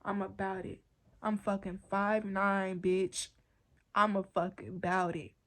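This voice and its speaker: A young woman vlogger telling a storytime tale in animated, profane street slang while she smokes. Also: mid-range voice, measured pace. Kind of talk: casual storytime vlog.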